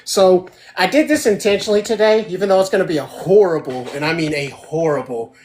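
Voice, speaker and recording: A woman with a lowish, darkish voice talks a little fast while hosting a casual live cooking demo from her home kitchen. Chatty throughout, she keeps checking in with her viewers by asking "right?"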